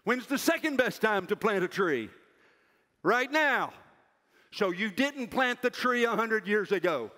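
Older man, chapel preacher, high bright voice, emphatic, long hall reverb. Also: animated, a little slow. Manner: loud, emphatic preaching that drops to a soft, self-mocking aside. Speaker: university president speaking at chapel. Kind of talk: chapel sermon to students.

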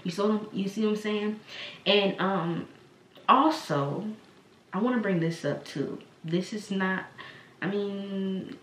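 A woman's voice: fairly low pitch, recorded from a distance, a little hiss or hum. A woman hosting a faith podcast, preaching in a rambling, conversational way with many fillers and restarts. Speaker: podcast host. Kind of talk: casual spoken sermon. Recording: echoey room, voice from the mic, faint ambience.

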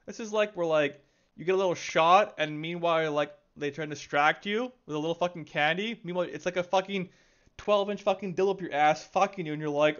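An exasperated man rants with constant swearing and heavy sighs, his voice sitting a little high. The recording sounds dull and lo-fi. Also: quick pace, fairly bright tone, clear, resonant tone. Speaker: gaming video creator. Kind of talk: profane angry rant.

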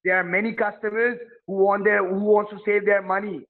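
A man's voice: sits high, little pitch movement, a little fast. A man playing a support agent on a phone call, pushy and threatening, repeating his demands over and over. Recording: tinny phone line.

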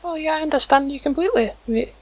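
A squeaky aphid bug. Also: male voice, fast, dry recording. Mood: breezy. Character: squeaky chirpy aphid bug, suddenly helpful.

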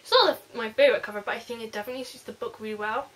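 A woman reviewing a book in a casual vlog, gushing and rambling excitedly. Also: fairly high pitch, rapid-fire.

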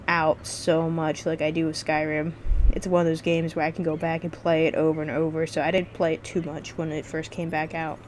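A woman's voice: low voice, fairly quick, darkish tone, slight background noise. A woman vlogging casual game reviews, rambling and swearing freely with lots of restarts.

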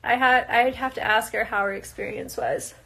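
A woman's voice: a little high, fairly even intonation, moderate pace, vocal fry, sharp tone. A young woman from the US reading viewer questions aloud and answering them in a casual, chatty way, laughing often. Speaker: reality show cast member answering viewer questions. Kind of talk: casual live Q&A chat.

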